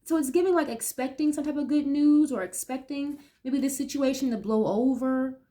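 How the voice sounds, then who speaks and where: A woman's voice: high voice, moderate pace, warm tone. Blunt, swearing woman reading tarot cards. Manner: blunt, swears freely, reacts aloud to the cards. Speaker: tarot reader. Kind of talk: casual card-reading commentary.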